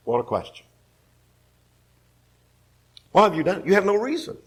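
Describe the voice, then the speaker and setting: A man's voice: high voice, sing-song, normal speed, pauses often, slightly rough. A man teaching a Bible class, emphatic, repeating key phrases and putting questions to the class.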